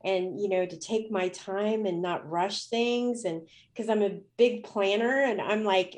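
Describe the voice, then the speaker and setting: A woman's voice: medium pitch, unhurried, hardly any pauses, a little mellow. A woman speaking as a guest in an interview, telling a personal story in a candid, emotional way with many fillers.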